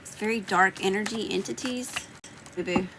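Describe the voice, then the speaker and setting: A woman's voice: medium pitch, normal speed, very noisy. A woman with a Southern US accent giving live tarot readings, chatting and greeting viewers by name. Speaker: tarot reader.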